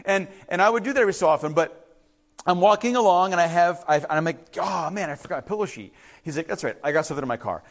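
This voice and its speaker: A man preaching a sermon in a high voice that swings widely in pitch. He moves from relaxed storytelling to emphatic, pressing preaching. A middle-aged pastor addressing his congregation. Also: fast.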